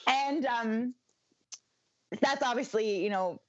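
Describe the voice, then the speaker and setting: A woman's voice: on the high side, takes it slowly, a little mellow, no room sound. A woman co-hosting a podcast talks in a loose, casual way, with many ums and restarts. She laughs easily. The recording sounds dry and a little muffled. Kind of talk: casual chat.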